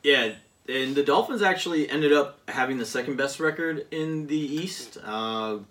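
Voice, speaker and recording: A man chatting casually, rambling and pausing with many fillers as he recounts a season of a football video game. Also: mid-range voice, a bit bright, distant mic. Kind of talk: casual chat.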